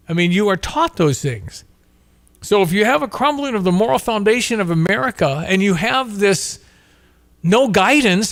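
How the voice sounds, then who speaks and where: A man's voice: high voice, expressive, moderate pace, fairly bright tone, dry recording, clean studio sound. Earnest, moralizing male talk show host.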